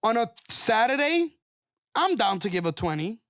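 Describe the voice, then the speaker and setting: Animated young New man, dry sound. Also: very high-pitched, moderate pace, no echo. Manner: animated, emphatic storytelling. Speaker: podcast co-host. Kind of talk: casual chat.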